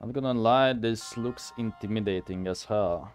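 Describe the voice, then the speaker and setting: Low-voiced man rambling over gameplay. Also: moderate pace, smooth, soft background music. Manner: rambling, thinking aloud with fillers. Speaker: game streamer. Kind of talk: casual live game commentary.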